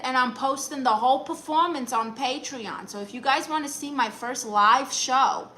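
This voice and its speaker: A woman's voice: a little high, sharp tone, slight background noise, poor audio. A woman comedian hosting a casual live stream, reading viewer comments in a sassy, teasing, chatty way. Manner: breaks into exaggerated put-on quote voices.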